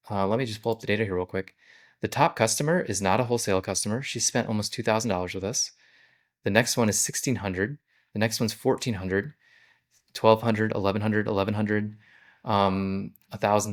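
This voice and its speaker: A man who owns a business, explaining his sales process in a casual, conversational vlog. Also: fairly low pitch. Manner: conversational, walks through steps plainly. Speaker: business owner.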